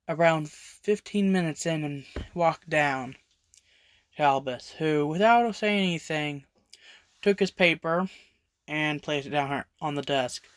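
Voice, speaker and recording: A storyteller narrating an original fan story over speedpaints, halting with frequent restarts and self-corrections. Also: medium pitch, no room sound.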